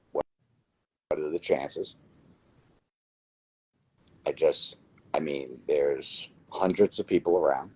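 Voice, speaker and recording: Husky low-voiced New Jersey man. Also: poor audio. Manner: animated, repeats phrases for emphasis. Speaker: lottery winner guest. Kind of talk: casual interview storytelling.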